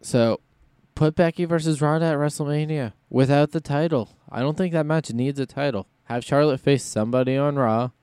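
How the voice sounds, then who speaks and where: A man's voice: a little high, normal speed, few pauses, darkish tone, clean tone, no room sound. A man hosting a solo podcast in casual chat, rambling and thinking aloud as he goes. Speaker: podcast host.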